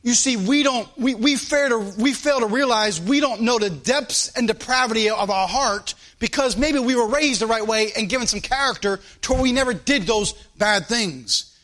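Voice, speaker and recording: High-voiced preacher delivering an emphatic sermon. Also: male voice, moderate pace, fairly bright tone. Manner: emphatic, rhetorical questions, repeats phrases.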